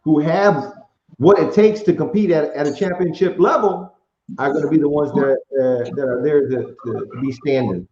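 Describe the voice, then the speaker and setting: A man's voice: on the high side, moderate pace, a little mellow. A man hosting a podcast, talking in a reflective, rambling way with many restarts, in casual chat. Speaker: podcast host. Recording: echoey, muffled live-stream audio.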